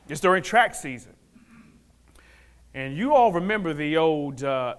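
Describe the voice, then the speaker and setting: A man speaking at a men's fellowship, telling a personal testimony story in an animated way and acting out the people in it. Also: on the high side.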